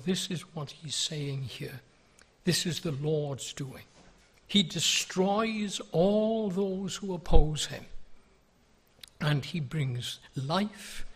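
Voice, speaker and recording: Older pastor, husky, unhurried sermon delivery, pleading tone. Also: male voice, on the high side, a bit bright. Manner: earnest, pleading, with rhetorical questions.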